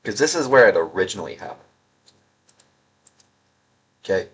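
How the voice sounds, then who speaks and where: A man's voice: fairly low pitch, very animated, normal speed, a bit bright, husky. A young man doing casual, sarcastic gaming commentary, reading out chat messages in a rambling, mocking way. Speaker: gaming video creator.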